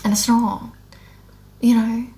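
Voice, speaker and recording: In a slightly high, mellow voice with little pitch movement, a woman speaks slowly about her spiritual awakening. Her unscripted monologue is blunt, heavily profane, earnest, and emotional, and she rambles with restarts.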